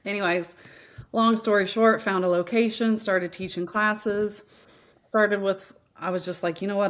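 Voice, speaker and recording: A woman in her thirties from Missouri, a fitness coach, telling her story in a chatty, animated interview manner. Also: mid-range voice, a little slow. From Missouri, US Midwest. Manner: chatty, animated, acts out quoted voices.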